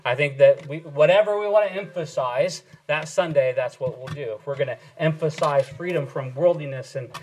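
A male pastor giving an earnest sermon lesson, pausing and restarting as he explains, then leading a prayer. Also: fairly high pitch, poor audio. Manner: earnest teaching with frequent fillers and restarts. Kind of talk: sermon teaching and closing prayer.

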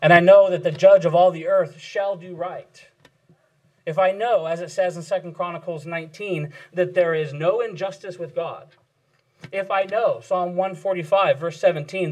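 Male preacher, earnest expository sermon delivery, voice a bit above average pitch. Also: fairly even intonation, moderate pace, a little mellow, poor audio. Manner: earnest, emphatic repetition.

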